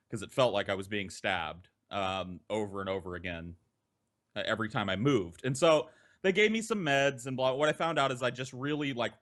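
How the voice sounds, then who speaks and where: A man with a slightly low voice tells a story on a podcast, loose, casual and heavy on profanity. He keeps it animated and conversational. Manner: profane, animated, with laughter in between. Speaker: podcast host telling a story.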